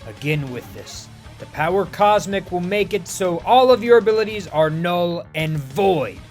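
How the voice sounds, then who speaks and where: A man's voice: high voice, animated, measured pace, faint music behind. A man voicing a cold, haughty silver alien herald who speaks in grave, formal lines. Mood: scornful.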